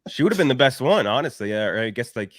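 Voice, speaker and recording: A man co-hosting a movie podcast, with a deadpan fake ad read that turns into relaxed, opinionated chat. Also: medium pitch, fast talker, no echo, studio quality. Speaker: podcast co-host.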